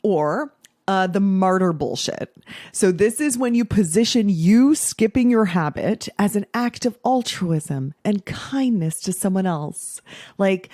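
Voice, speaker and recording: A woman's voice: mid-range voice, lively intonation, unhurried, warm tone, no echo, studio quality. A woman in her forties hosting a casual podcast monologue as a habits coach, blunt, profane and playful.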